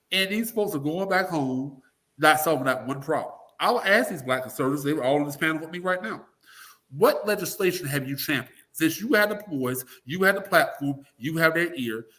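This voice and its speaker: A man's voice: on the high side, fairly bright tone. A man giving blunt, emphatic opinions as a political guest, often swearing and acting out the voices of the people he quotes. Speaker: political guest, talk radio personality. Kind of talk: opinionated interview talk.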